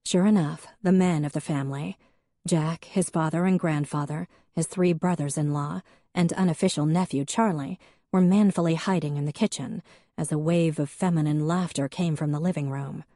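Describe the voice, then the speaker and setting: Woman reading an audiobook, low mellow voice, dry studio sound. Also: steady tone, moderate pace, no room sound. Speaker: audiobook narrator. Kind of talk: scripted narration.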